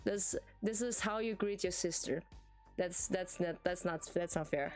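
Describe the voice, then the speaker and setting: A woman's voice: fairly low pitch, measured pace, darkish tone, soft background music. A woman playing a sassy big sister with a German accent. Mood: mock outrage. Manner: indignant, teasing, repetitive. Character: sassy big-sister persona scolding her sibling. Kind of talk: playful live-stream role-play.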